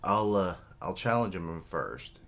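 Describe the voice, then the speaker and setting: A man's voice: deep voice, big pitch swings, slow pace, fairly bright tone, heavily acted. A man reading the lines of a resolute young archer, the older brother, in a firm, commanding way.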